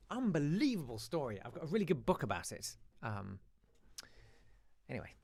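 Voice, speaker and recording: Animated man chatting on his show. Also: mid-range voice, normal speed, long pauses, no room sound. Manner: chatty and animated, with many restarts and asides. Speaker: host. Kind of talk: casual chat reading listener emails.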